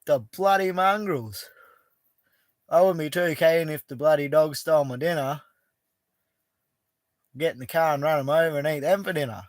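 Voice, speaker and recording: A man's voice: on the high side, normal speed, long pauses, no room sound. Laid-back, swearing Australian bushman. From Western Australia. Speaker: livestream host. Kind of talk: casual live chat reading comments. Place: outback bush camp outdoors.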